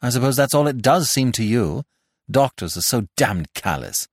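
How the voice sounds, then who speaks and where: A man's voice: medium pitch, sing-song, normal speed, a little mellow, no room sound, studio quality, pitched above the performer's own voice. A man voicing a frantic, distraught young man. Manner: urgent, distraught. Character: agitated anxious young man.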